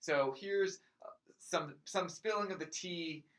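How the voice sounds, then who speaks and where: A man co-hosting a casual gaming podcast, talking in quick animated bursts with restarts. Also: high voice. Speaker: podcast co-host. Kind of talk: casual chat.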